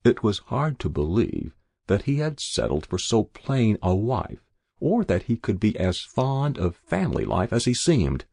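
A man's voice: lowish voice, sing-song, measured pace, vocal fry, warm tone, slightly rough, dry recording. A man reading a first-person story aloud in a dry narrator's voice. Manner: dry first-person narration, voicing each figure lightly.

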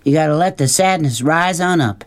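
Man putting on a tall blunt maid, drawling and folksy, pitched well up from his own voice, storybook reading. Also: moderate pace, no echo, close to an everyday voice. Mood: firm. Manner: drawling folksy speech, firm. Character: tall older Southern motel maid, blunt and wise.

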